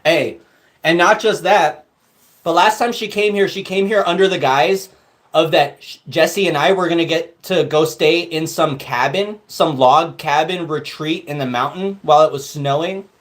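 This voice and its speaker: A man co-hosting a livestream, telling stories in an animated, profane way in casual chat. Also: fairly high pitch, normal speed. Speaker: livestream co-host.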